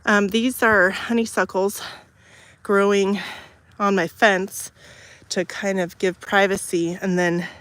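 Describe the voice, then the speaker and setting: A woman's voice: medium pitch, level tone, takes it slowly, a bit bright, no echo. A woman hosting a casual livestream from her garden, filming on a handheld phone and chatting to viewers and her animals. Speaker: livestream host. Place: outdoors in a garden. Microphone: phone held in hand.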